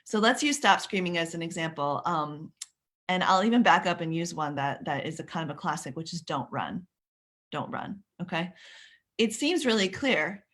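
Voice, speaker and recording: Lower-voiced woman, parenting coach on a live stream, chatty and self-correcting. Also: animated, normal speed, a bit bright. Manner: chatty, greets viewers by name, restarts sentences.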